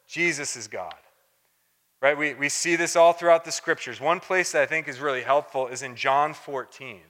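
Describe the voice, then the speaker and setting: A man delivers a sermon with earnest emphasis, his voice bright and forceful and set slightly high. He leans on repeated points and asks "right?" as he goes. The sound rings with a long hall reverb. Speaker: preacher.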